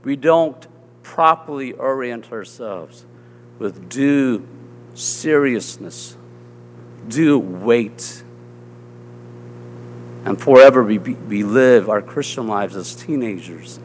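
A man's voice: mid-range voice, expressive, takes it slowly, long pauses, a little mellow, in a large hall, slight background noise. A man with a Southern US accent preaching a sermon as pastor, earnest and conversational, often checking in with his listeners.

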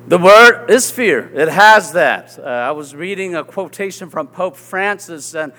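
A man with a Southern accent preaches in an earnest, conversational way, often pausing to check that his listeners follow. His voice sits a little high for a man. It rings out with a long reverb, as in a church sanctuary. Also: expressive, bright, forceful tone. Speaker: pastor. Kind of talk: sermon.

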